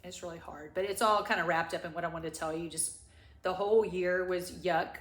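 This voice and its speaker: A woman's voice: lowish voice, steady tone, fairly bright tone. Tearful middle-aged woman rambling through a story. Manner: halting, rambling, many restarts. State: crying. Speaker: vlogger. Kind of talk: tearful personal story time. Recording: echoey room.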